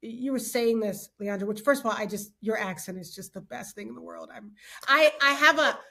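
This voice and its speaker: Bright, high-voiced animated woman speaker. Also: brisk, gravelly. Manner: expressive, preacherly, laughs often. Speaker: guest speaker. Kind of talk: animated podcast conversation.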